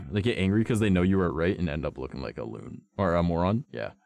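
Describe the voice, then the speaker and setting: Young guy streamer, low voice, blunt and sweary, telling a story, dry sound. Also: lively intonation, fast talker, gravelly, a little mellow, no room sound. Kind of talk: casual storytelling chat.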